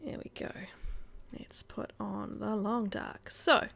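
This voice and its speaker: A woman's voice: mid-range voice, slow, vocal fry, a bit bright, whispered. A young woman with a New Zealand accent, chatting casually to viewers during a live game stream. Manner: chatty and upbeat, with frequent ums.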